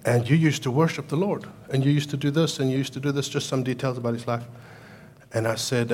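A man preaching a sermon, swinging from loud, emphatic lines to quiet storytelling, with an accent that sounds foreign to American ears. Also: medium pitch, fairly even intonation, quick pace. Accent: foreign to American listeners. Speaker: pastor.

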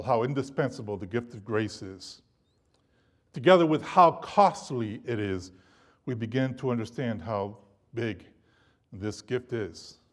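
A man preaching a sermon to a congregation, animated and emphatic, his loudness rising and falling. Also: mid-range voice. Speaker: pastor.

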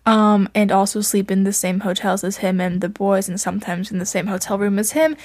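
A woman's voice: mid-range voice, a little fast, darkish tone. A young woman chatting casually into a home mic, rambling and self-deprecating, with lots of fillers and laughs. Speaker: podcast host reviewing fan fiction. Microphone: home mic she adjusts herself.

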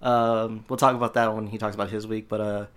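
Young male co-host, relaxed, rambling chat. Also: lowish voice, fairly quick. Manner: easygoing, rambling with fillers. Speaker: podcast co-host. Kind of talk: casual chat.

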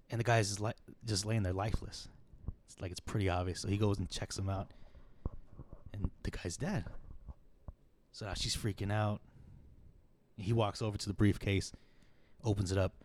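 A man's voice: on the low side, fairly even intonation, normal speed, pauses often, a little mellow, a little hiss or hum. A man hosting a podcast, retelling a story in a casual, rambling way, swearing freely and acting out the quotes. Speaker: podcast host.

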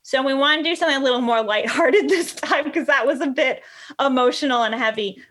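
A woman dog trainer chatting as a podcast guest, telling animated stories and acting out what people said. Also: high-pitched, a little fast. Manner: animated storyteller, acts out quotes. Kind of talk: casual podcast chat.

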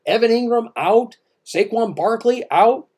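A man's voice: very high voice, animated, a little slow, a little mellow, breathy edge. A man co-hosting a casual sports podcast, emphatic and repetitive, with many restarts. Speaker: podcast co-host.

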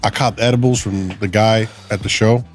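A young man in casual chat with friends, mellow and sparing with words. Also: fairly low pitch, fairly even intonation, normal speed, music in the background.

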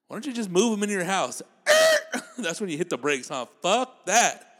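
A man's voice: high-pitched, wildly swooping pitch, a little slow, a bit bright. A man delivering a profane comedic rant, mocking people and laughing at his own jokes.

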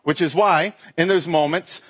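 A man's voice: on the high side, moderate pace, a bit bright, breathy edge. A middle-aged man preaching a sermon as a pastor, in a conversational, self-deprecating storytelling way with acted-out asides.

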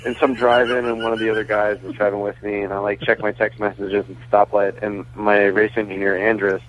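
A man's voice: on the low side, level tone, fairly quick, fairly bright tone, dry recording. A man who is a guest on a radio show, telling stories over the phone in a chatty way, laughing often and restarting his sentences. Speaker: baseball pitcher and racing team owner, guest. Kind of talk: casual phone interview. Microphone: phone call. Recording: tinny phone line.

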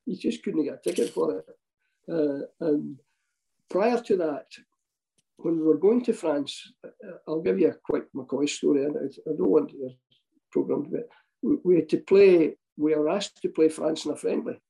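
A former football manager with a Scottish accent, now older, chuckles through rambling stories with restarts and does the voices of people he quotes. He sounds a little high, gravelly and dark at a moderate pace, and the recording is rough.

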